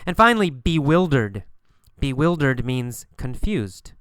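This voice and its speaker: A man teaching English vocabulary in a recorded lesson, explaining slowly and repeating key phrases, acting out short examples. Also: medium pitch, sing-song, fairly bright tone, smooth, dry recording. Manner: slow, repetitive explaining with acted examples.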